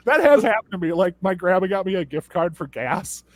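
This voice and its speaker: A man's voice: sits high, lively intonation, normal speed. A young man on a comedy podcast telling a rambling, stammering story and mimicking the people in it. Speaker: podcast co-host.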